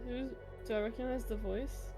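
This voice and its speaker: A woman's voice: on the high side, fairly even intonation, normal speed, dark tone, faint music behind. A woman playing a tabletop game, talking casually with many laughs and fillers. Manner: giggly, casual, lots of fillers. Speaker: player.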